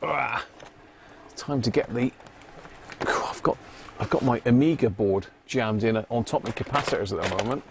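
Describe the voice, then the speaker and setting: A man with a mid-range, gravelly voice speaks at a normal pace over some background noise. He's hosting a live stream while repairing electronics, chatting casually with viewers by name and muttering to himself as he works.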